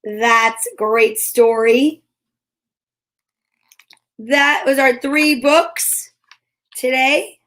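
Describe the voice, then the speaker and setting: Slow, expressive woman reading aloud. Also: high voice. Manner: expressive, animated. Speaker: storytime host. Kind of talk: reading children's books aloud.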